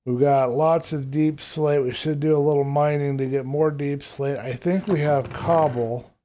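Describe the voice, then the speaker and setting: Male streamer, mellow tone, casual live gameplay commentary, thinks out loud. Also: on the high side, fairly even intonation, a little slow, slight background noise. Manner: thinks aloud while planning; rambling, casual.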